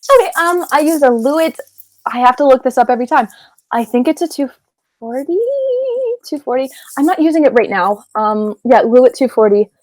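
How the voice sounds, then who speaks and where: A woman voice actor being interviewed, bubbly and prone to giggling as she rambles through her answers. Her voice sits a little high and sounds close and dry, with no room around it. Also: brisk, a little mellow, no echo. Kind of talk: casual interview chat.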